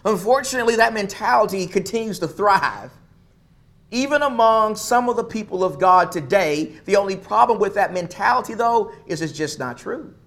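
Male pastor, sermon delivery, high voice, emphatic repetition. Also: animated, moderate pace, fairly bright tone. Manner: emphatic, repeats phrases for stress.

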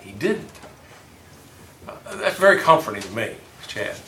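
A man's voice: fairly low pitch, sing-song, unhurried, creaky, a bit bright, a little hiss or hum. A man leading a casual group Bible discussion, telling stories with rambling self-corrections. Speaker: Bible study leader. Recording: echoey room, mic far off.

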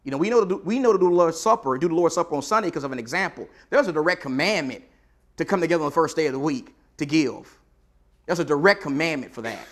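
In a church auditorium, a male preacher with a slightly high voice delivers a sermon, speaking conversationally to the congregation. He talks fast with lively intonation and reads scripture aloud with emphasis.

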